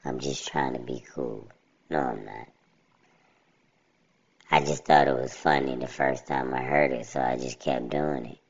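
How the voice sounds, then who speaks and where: A man hosting a casual solo podcast through a pitched-down robotic voice filter. He talks bluntly and rambles, often asking "you know what I'm saying". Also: fairly even intonation, unhurried, gravelly, pauses often, breathy edge, lo-fi sound. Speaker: podcast host.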